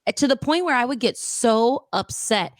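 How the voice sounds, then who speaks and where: Lively high-voiced American woman chatting. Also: normal speed, no echo, studio quality. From Minnesota, USA. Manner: animated storyteller, switching into Spanish. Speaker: Spanish-language radio host. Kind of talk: casual podcast chat.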